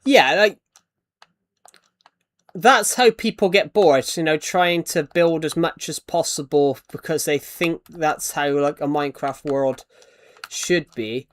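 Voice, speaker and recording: Chatting casually on a game stream, a young man with a British accent thanks viewers and donors and often trails off into restarts. He speaks slowly in a voice that's a little high.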